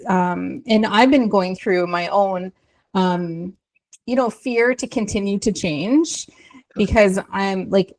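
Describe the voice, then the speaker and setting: A woman in a casual podcast chat, speaking earnestly and thinking aloud with frequent pauses. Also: fairly low pitch. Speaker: podcast conversation partner.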